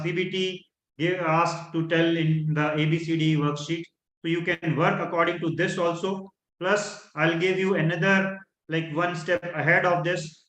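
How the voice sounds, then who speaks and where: Indian English male coach, higher pitch, repeats and demonstrates, roomy sound. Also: a bit bright. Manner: instructive, repeats key phrases, acts out fearful tones. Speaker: workshop coach. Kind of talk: online workshop teaching.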